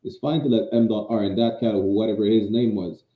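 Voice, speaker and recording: Heard over a tinny, phone-like line with roomy echo and a little hiss or hum, this podcast co-host has a voice on the low side, a steady tone, and a brisk delivery. He argues in casual chat and frequently stammers into restarts.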